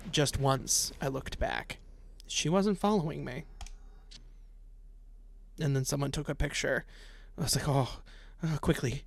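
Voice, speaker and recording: A let's play streamer with a mid-range voice, recorded dry, reads a visual novel's text aloud. He keeps breaking off for sarcastic, profane remarks and laughs often.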